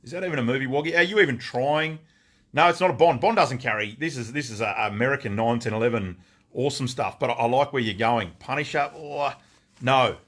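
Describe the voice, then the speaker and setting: Australian man, middle-aged, live-stream host, casual chat, greets viewers by name, lots of ums, middle pitch. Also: brisk, fairly bright tone. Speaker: gun shop owner hosting a live stream.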